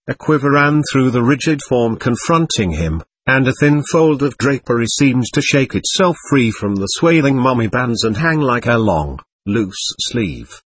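A man narrating a novel in a measured, even reading voice. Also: mid-range voice, breathy edge. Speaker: audiobook narrator. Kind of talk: scripted narration.

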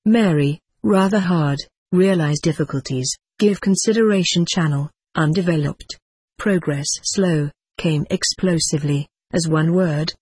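A narrator reading a first-person memoir aloud in a steady, unhurried audiobook style. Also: medium pitch, husky, no echo.

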